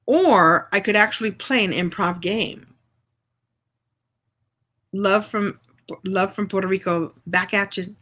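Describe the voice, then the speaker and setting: Bright, playful woman from New York. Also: mid-range voice, takes it slowly, long pauses. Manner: playful, exclamatory, laughs often. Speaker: speaker hosting a live session. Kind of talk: lively live-stream chat with an improv game.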